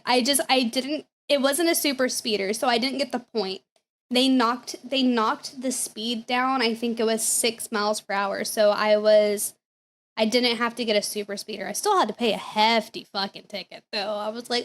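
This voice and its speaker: With a slightly high voice at a moderate pace, this Southern streamer reacts to videos. She's a young woman with a Southern accent, spinning a relaxed story and laughing frequently.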